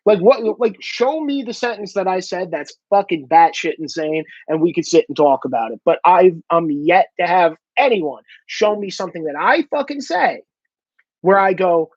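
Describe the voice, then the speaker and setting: A man's voice: sits high, lively intonation, normal speed, dry recording, highs cut off. A man vlogging in a casual, profane monologue, speaking bluntly and slipping into mocking impressions of other people.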